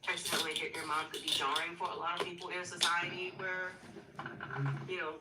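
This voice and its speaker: A woman's voice: lowish voice, completely flat delivery, fast talker, distant mic. A woman hosting a live stream, casually retelling a story with playful asides and acted-out quotes. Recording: echoey room, voice off-mic, clear background noise.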